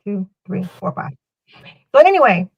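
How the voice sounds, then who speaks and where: A woman's voice: mid-range voice, big pitch swings, moderate pace, gravelly, darkish tone, breathy edge, dull audio. A woman co-hosting a talk show, telling a story in a loose, rambling way that keeps repeating words and restarting. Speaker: podcast co-host. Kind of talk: casual storytelling chat.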